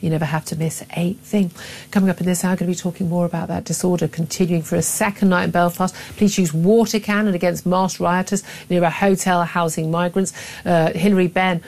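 A woman's voice: lowish voice, fairly even intonation, fairly quick, a little mellow. A woman, a middle-aged talk radio host, delivering emphatic, opinionated commentary with frequent restarts.

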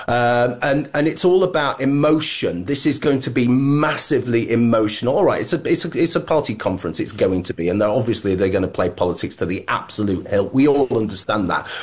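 A man co-hosting a casual political chat, sardonic and mocking, often restarting his sentences. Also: lowish voice. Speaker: co-host.

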